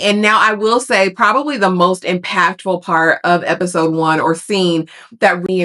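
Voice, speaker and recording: Sassy woman recapping a TV show. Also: on the low side. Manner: sassy, animated, calls listeners honey and baby. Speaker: TV recap vlogger. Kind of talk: casual TV recap commentary.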